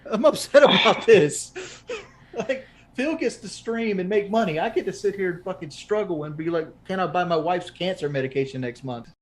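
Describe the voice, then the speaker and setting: A man's voice: high voice, fairly quick, few pauses, a little mellow, a little hiss or hum. A man in his thirties speaks in a somewhat raised register as a guest on a heated online interview. He is defensive and rambles, tripping over restarts while protesting his case. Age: 30s.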